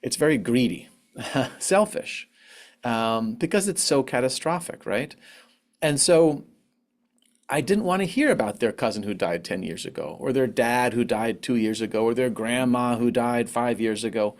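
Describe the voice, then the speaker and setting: Guy talking openly about grief, reflective, mid pitch, jumps up high when quoting folks. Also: lively intonation, normal speed. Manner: candid, reflective, acts out quotes in a higher voice. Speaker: conference speaker on grief. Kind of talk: personal talk on grief. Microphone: online presentation mic.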